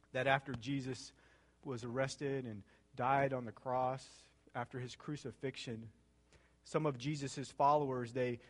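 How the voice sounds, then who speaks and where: A male pastor preaching a sermon, asking the congregation questions and repeating phrases, rising to loud high peaks and dropping to soft low passages.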